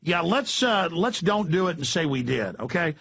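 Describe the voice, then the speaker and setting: A man's voice: a little high, very animated, normal speed, creaky, fairly bright tone, breathy edge, no echo. A middle-aged Texan man hosting talk radio with a Texan accent, ranting in a heated, emphatic way. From Texas. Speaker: radio host.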